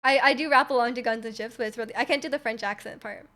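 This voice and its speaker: A young woman with a high, light voice chats casually on a livestream. She rambles in a friendly way, answers viewers' questions and often restarts her sentences. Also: steady tone, fast, bright, forceful tone. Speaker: livestreamer reading chat.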